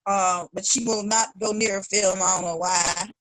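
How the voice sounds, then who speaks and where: A woman's voice: medium pitch, moderate pace, slight background noise. A middle-aged woman from Chicago, a singer chatting as an interview guest and acting out her family's lines with animation. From Chicago, United States. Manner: animated, acts out quoted voices of family. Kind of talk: casual interview chat.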